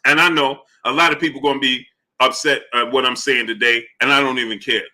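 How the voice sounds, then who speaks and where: Man, stream host, very bright tone, mid pitch, emphatic rising questions, greets viewers by name. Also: steady tone, brisk. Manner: shouts out chat names between points, rising emphatic questions. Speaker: boxing channel host. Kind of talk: live-stream commentary.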